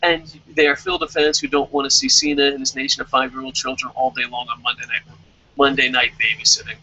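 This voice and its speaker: A man's voice: mid-range voice, level tone, quick pace, bright, forceful tone, rough recording. A young man reviewing a wrestling show in a heated, profane rant. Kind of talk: angry rant in casual chat.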